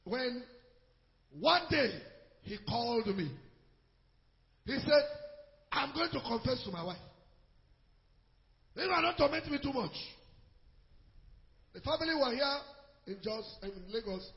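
A man preaching a sermon, telling a story that moves between loud exhortation and low, quiet narration. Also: expressive, unhurried, pauses often, big-room sound, dull audio. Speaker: pastor.

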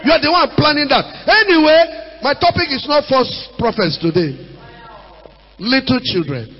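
Nigerian male pastor, very high voice, animated and shouting, dull recording. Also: moderate pace. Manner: animated preaching with shouts, mimicry and Pidgin asides. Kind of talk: sermon. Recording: dull sound in a reverberant hall.

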